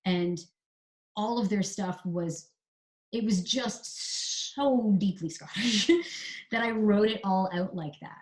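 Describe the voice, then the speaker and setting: A Canadian woman who writes screenplays, chatting through writing advice in a relaxed interview and spelling out examples. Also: medium pitch, slow pace. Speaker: screenwriter guest. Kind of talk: casual explanatory interview talk.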